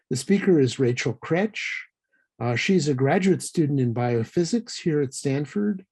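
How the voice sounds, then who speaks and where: A man introducing a guest speaker at a public science lecture, pausing often with fillers. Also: medium pitch, dark tone. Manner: hesitant, frequent uh fillers. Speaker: lecture series host.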